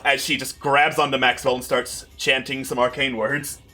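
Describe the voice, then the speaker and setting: A man narrating as game master in a tabletop game, lively and playful. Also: medium pitch, normal speed, soft background music.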